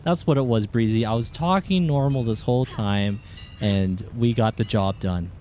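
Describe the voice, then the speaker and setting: A man streaming a game live, chatting casually with viewers and reacting with excited outbursts. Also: on the low side, normal speed, a little hiss or hum.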